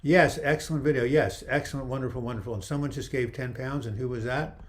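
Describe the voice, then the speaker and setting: His voice is mid-range with fairly even intonation, and he talks quickly. This livestream host, on a webcam, chats casually, reads out viewer comments, answers questions and jokes, all while his voice begins to fade.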